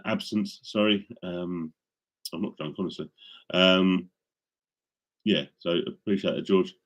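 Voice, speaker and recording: A man's voice: sits low, steady tone, measured pace. A middle-aged man casually chatting with viewers on a live stream, rambling with many ums and restarts, into a studio microphone.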